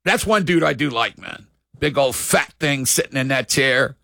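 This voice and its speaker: A middle-aged man hosting casual sports talk, excitable, shouting and drawling words for emphasis. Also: medium pitch, normal speed, vocal fry, no room sound.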